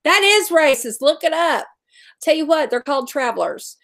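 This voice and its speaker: A woman with a high voice hosts a casual chat. She talks in a chatty, easygoing way and drops in laughing asides. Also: animated, moderate pace, a bit bright. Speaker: host.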